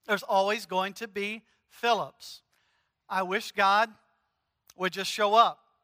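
A man's voice: high-pitched, fairly even intonation, takes it slowly, pauses often, pushed and bright. A man preaching a sermon as pastor, earnest and emphatic, driving points home through repetition. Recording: long hall reverb.

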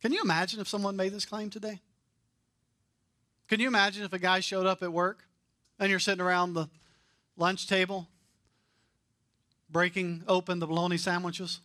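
High, bright-voiced preaching man. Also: level tone, normal speed, long pauses, no echo, studio quality. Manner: emphatic preaching, swings from loud stresses to quiet asides. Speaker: pastor. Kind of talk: sermon.

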